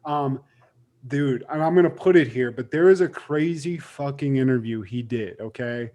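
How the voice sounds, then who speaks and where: A man's voice: medium pitch, normal speed, mellow. A young man co-hosting a podcast, chatting casually and animatedly, swearing and acting out quotes as he tells a story. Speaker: podcast co-host.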